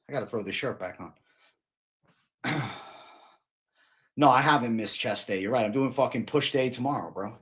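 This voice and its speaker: A man's voice: medium pitch, moderate pace, long pauses, a bit bright, husky, no echo. Profane, hyped male MMA streamer. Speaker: MMA livestream host. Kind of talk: casual livestream chat.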